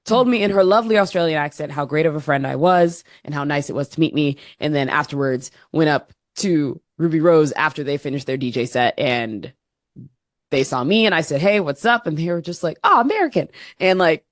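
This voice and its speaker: Low-pitched woman chatting on a podcast, dry close sound, rambly and animated. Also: brisk, dry recording. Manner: animated storyteller, laughing, many fillers. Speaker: podcast co-host. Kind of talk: casual chat.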